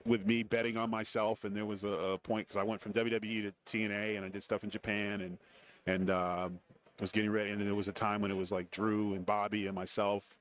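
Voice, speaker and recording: A former wrestler is interviewed on a radio show at radio row during a large event. His voice is on the low side, flat and a little fast, as he rambles through career stories and acts out quotes in casual storytelling.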